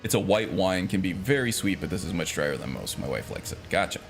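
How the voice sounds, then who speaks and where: Game streamer, male, deep-ish voice, loose rambling chat with fillers and chuckles, faint music underneath. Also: big pitch swings, fairly quick, gravelly. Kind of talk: casual gameplay chat.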